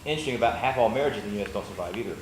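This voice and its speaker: A man hosting a meetup, reading a speaker's introduction quickly, stumbling now and then and throwing in jokes. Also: on the low side. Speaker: meetup host. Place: meeting room. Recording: echoey room with faint noise.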